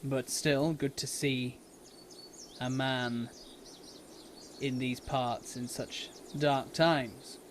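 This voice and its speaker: A man voicing a wary interrogator who speaks with measured, cool politeness. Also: medium pitch, steady tone, slight background noise. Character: calm, wary human interrogator, middle-aged man.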